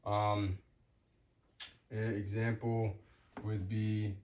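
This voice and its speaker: A man giving a casual spoken language lesson, hesitant with many fillers, repeating example words slowly. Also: lowish voice, level tone, darkish tone, echoey room, slight background noise. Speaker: language teacher.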